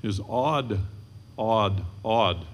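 An older man giving a storytelling history lecture to an audience, dramatic and swelling at the high points. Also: lively intonation, extremely slow.

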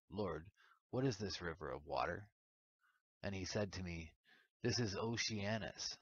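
A man giving a solemn, measured scripted narration of an ancient religious text. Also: low-pitched, a bit bright. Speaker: audiobook reader. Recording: dull lo-fi recording.

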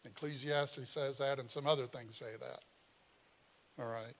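A male pastor preaching a sermon, telling stories in an animated, conversational way and chuckling as he goes. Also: medium pitch, a little slow. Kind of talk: sermon with personal storytelling.

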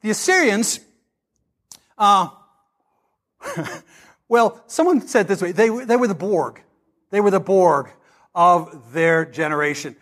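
A man's voice: high-pitched, takes it slowly, long pauses. A male pastor preaching a sermon, telling stories in a folksy, emphatic way. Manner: animated storytelling, folksy and emphatic.

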